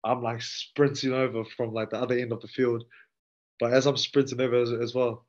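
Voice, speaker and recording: A man with a New Zealand accent, a rugby player and podcast guest telling stories in a relaxed, slangy way that acts out the dialogue. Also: medium pitch, brisk. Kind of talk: casual storytelling. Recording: dull lo-fi sound.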